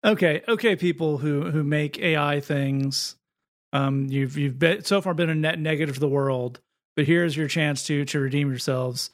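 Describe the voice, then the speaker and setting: A man with a fairly high voice, chatting wryly on a podcast. He talks in long, loose stretches and often restarts as he goes. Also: normal speed. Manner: chatty, wry, repeats words as he starts sentences. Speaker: podcast co-host. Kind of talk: casual chat.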